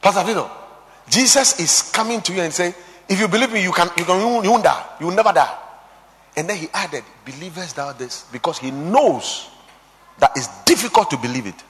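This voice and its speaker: A high-pitched man preaches with a wildly animated voice, swinging from shouts down to near-whispers as he quotes scripture. His sermon rings with a long reverb, as in a large hall. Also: fairly quick. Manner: preaching with sudden shouts and quiet drops, quoting scripture.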